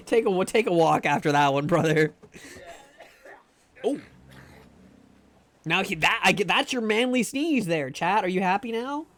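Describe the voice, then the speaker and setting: A man with a high, slightly bright, animated voice speaks at a measured pace with long pauses. He is chatting casually with viewers during a live game stream from home on a desk microphone, joking self-deprecatingly and laughing frequently.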